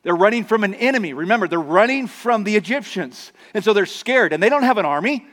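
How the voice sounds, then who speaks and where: A man's voice: high voice, animated, quick pace, fairly bright tone. A man preaching a sermon as pastor, conversational with acted asides. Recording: long reverb of a large hall.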